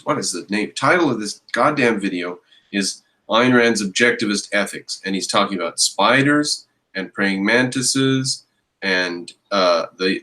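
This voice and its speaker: A man with a lowish voice rants his way through a reaction commentary. He stops the clip to pick it apart with exasperated, mocking scorn. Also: fairly bright tone, rough recording.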